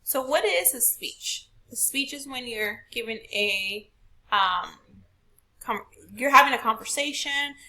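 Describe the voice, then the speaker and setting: Bright-voiced woman teaching a lesson. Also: on the high side, animated, a little slow. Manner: patient, explaining step by step with rhetorical questions. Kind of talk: recorded classroom lesson.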